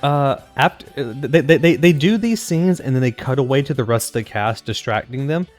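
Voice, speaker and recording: A man's voice: mid-range voice, expressive, moderate pace, a little mellow. Male podcast co-host, casual, wry interjections, faint background music. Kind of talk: casual chat.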